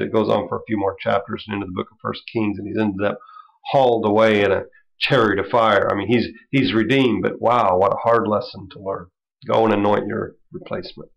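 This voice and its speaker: A minister leads an informal Bible study, chuckling, taking frequent asides and saying "you know" a lot. His voice is lowish and creaky, captured on a dull lo-fi recording.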